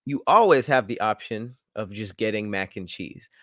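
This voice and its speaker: A man's voice: fairly low pitch, normal speed, no echo. Man, podcast co-host, casual storytelling, joking, dry room. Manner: relaxed storytelling with fillers and jokes.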